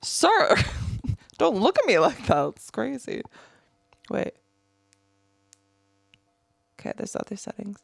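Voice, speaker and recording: Fairly high-pitched, gravelly, and breathy, this woman speaks slowly with long pauses, and there's no room sound. She's a podcast host in her thirties unboxing products alone in a small room, giggling, animated, and talking to herself.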